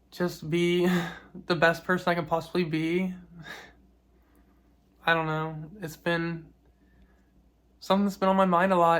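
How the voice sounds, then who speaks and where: A woman talking in a personal vlog, soft and reflective, grieving, with small laughs between her words. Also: fairly low pitch. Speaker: vlogger.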